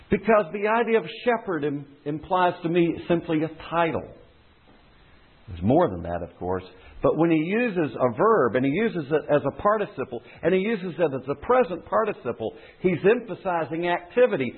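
Husky-voiced preacher on a tinny line. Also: male voice, fairly high pitch, big pitch swings, moderate pace. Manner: teaching, explanatory, repeats phrases for emphasis. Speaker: pastor. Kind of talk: sermon. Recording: tinny phone-like sound.

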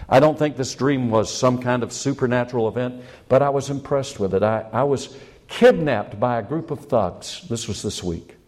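A man's voice: medium pitch, normal speed, a little mellow. A man preaching a sermon as pastor, building up with rising questions and impassioned appeals.

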